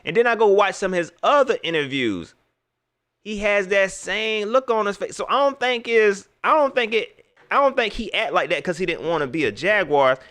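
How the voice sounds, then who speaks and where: Animated, slangy sports talk host. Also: male voice, high-pitched, moderate pace. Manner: animated, slangy, repeats himself, talks straight to viewers. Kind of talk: casual livestream sports talk.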